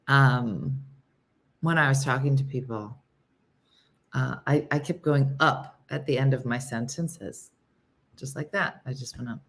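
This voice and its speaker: Low-voiced woman chatting casually. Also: bright, forceful tone. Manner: chatty, rambling, reads viewer comments aloud. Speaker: live show host. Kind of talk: casual live-stream chat.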